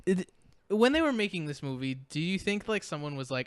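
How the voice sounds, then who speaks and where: Smooth-voiced man mocking a bad movie. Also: high-pitched, sing-song, fairly quick, no room sound, studio quality. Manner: rambling, laughs often, mocking quotes. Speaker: podcast co-host. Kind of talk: casual movie recap chat.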